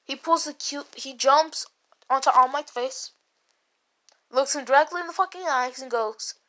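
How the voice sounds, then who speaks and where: A high-pitched woman with a pushed, bright voice casually retells a made-up fan story at a moderate pace. She rambles and swears, restarting constantly and filling her speech with "like."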